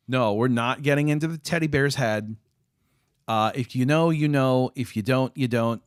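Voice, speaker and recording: A man's voice: mid-range voice, a little slow, pauses often, clean tone, no room sound, studio quality. A man chatting casually with viewers on a live stream, rambling with lots of fillers and restarts. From United States.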